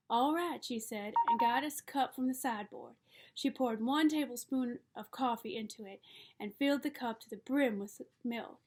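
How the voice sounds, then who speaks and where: A woman reading a novel aloud as narrator, in a measured storytelling manner. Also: on the high side. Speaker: audiobook reader.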